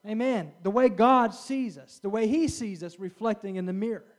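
A man's voice: high-pitched, moderate pace. A middle-aged man preaching a sermon in an earnest way, often stopping for an amen and restarting his words. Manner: earnest, with frequent amens and restarts.

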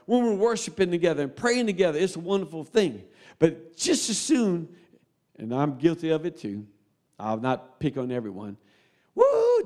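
A man preaching a sermon, folksy and close to tears, swinging between loud appeals and quiet asides. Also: a little high.

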